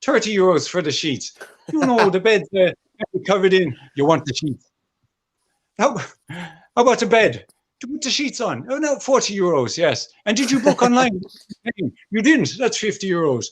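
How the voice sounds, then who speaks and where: A man putting on a sleazy, penny-pinching boss acting as a street pimp, upselling in fast patter. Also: high-pitched, big pitch swings, husky, pitched above the performer's own voice, heavily acted. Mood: sleazy hustling.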